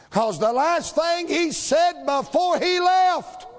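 A man preaching a sermon in a church, rhythmic and building to shouts, acting out the voices in the story. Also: very high voice, slow, hardly any pauses. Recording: long hall reverb.

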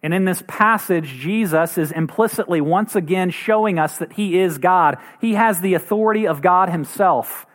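A man's voice: normal speed, few pauses, a bit bright. A man preaching a sermon as pastor, earnest, acting out quoted voices now and then. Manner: earnest, acts out quoted voices with rising pitch.

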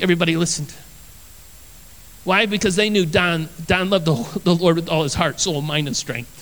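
A man's voice: high-pitched, fairly bright tone, in a large hall, poor audio. A man, a pastor, preaching a sermon. He tells personal stories earnestly and with energy, and he repeats his phrases for emphasis.

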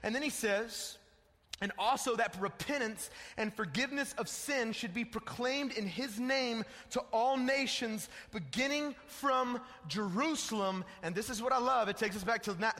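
A man's voice: high-pitched, moderate pace, pushed and bright. A young man preaching a sermon in a casual, slangy way, calling listeners dude and bro. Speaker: pastor. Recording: echoey hall with long reverb.

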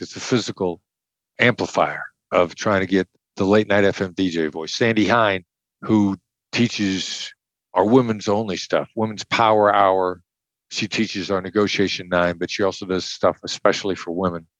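A man's voice: sits low, fairly even intonation, moderate pace, dry recording, muffled recording. An older man from the Midwest, a former hostage negotiator, explaining his techniques bluntly and emphatically in an interview. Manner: emphatic, blunt, repeats key points. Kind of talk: conversational explanation.

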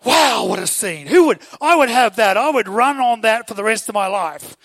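A man with an Australian accent preaching a sermon, telling the story with animated asides and rhetorical questions to the audience. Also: high-pitched, moderate pace, gravelly, no room sound.

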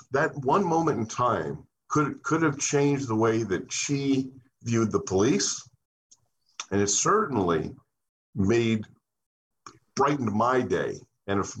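A man's voice: lowish voice, a bit bright, a little hiss or hum, low-quality recording. A man who is a police officer, reflecting on his work in an interview in an earnest, stop-start way.

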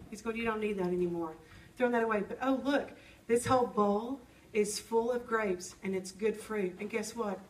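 A woman's voice: a little high, far from the mic, poor audio. A woman preaching a sermon in an earnest, personal way, acting out her own prayers as she speaks.

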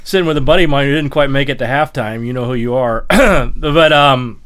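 Midwestern man co-host, rambling sports chat, mid pitch, lots of restarts. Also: brisk, fairly bright tone, smooth. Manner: rambling, repeats words, many restarts. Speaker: podcast co-host.

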